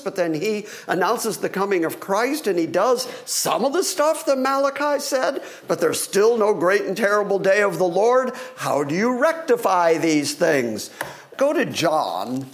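Animated male preacher, high lively voice. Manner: animated, acts out voices of questioners. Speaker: pastor. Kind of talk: sermon.

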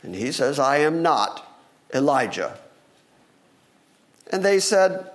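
A man's voice: fairly high pitch, slow pace, pauses often. A man preaching a sermon, teaching from scripture and acting out the voices of the people in the story. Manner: animated, acts out voices of questioners. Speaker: pastor.

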